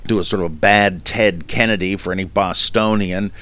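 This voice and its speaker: A man hosting a podcast, chatting casually and haltingly with many fillers as he answers listener questions, with self-deprecating humor. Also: low voice, fairly even intonation, fairly bright tone, no room sound. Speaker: podcast host.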